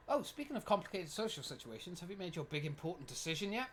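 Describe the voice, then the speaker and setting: Animated young streamer. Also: medium pitch, rapid-fire, few pauses, noisy background. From United Kingdom. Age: 20s. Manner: animated, swears a lot, reads game text aloud. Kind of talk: live gameplay commentary.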